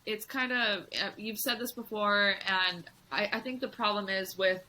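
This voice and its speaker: Bright sharp-sounding woman on a podcast, swears a lot, talks frank, faint hiss behind. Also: medium pitch, steady tone, normal speed, low-quality recording. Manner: frank and profane, acts out her inner voice. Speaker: podcast guest. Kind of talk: casual chat.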